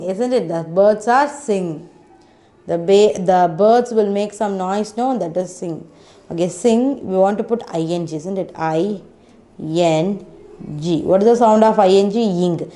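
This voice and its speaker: A woman teaching phonics to children at an unhurried pace. She sounds out each letter slowly and patiently, and keeps asking the children questions to check they follow. Her voice sits at a middle pitch. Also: mellow. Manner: frequent "isn't it?" and "okay" checks.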